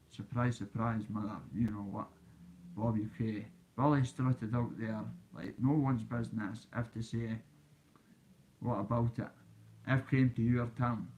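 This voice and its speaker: A Glaswegian YouTuber tells a boastful, swaggering story straight into his phone in a casual vlog, speaking directly to the kids watching. His voice is medium-pitched with a darkish tone, and the audio is poor, with a little hiss or hum.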